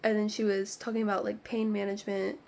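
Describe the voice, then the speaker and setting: A woman vlogger talks straight to camera, telling a story in a loose, rambling way and sprinkling "like" through nearly every line. Her tone is exasperated and candid, at a medium pitch, with a faint hiss of noise underneath. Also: little pitch movement, quick pace, vocal fry, a little mellow. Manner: rambling and exasperated, heavy use of "like". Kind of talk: casual storytime chat.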